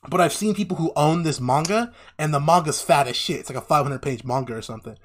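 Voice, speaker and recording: Excitable young man retelling a story. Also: on the high side, fast talker. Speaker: podcast co-host. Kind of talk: casual chat, animated retelling of an anime plot.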